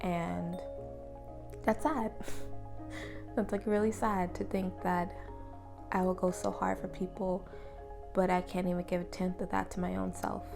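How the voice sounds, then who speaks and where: A woman's voice: lowish voice, flat delivery, unhurried, creaky, pauses often, over music. A young woman talking earnestly and openly to the camera in a personal vlog, sometimes dropping to a whisper. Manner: earnest, open and reflective, drops to a whisper at times. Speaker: vlogger.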